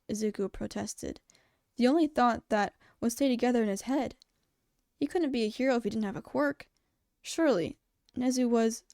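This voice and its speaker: Woman, podfic reader, steady narration, fairly high voice, dry close mic. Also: moderate pace, vocal fry, dry recording. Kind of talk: audiobook reading of fan fiction.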